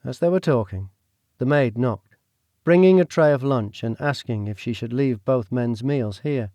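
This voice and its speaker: A man narrates an audiobook, telling the story in a steady, even way as scripted narration. His pitch is medium and his speed normal, recorded in a clean studio with no echo.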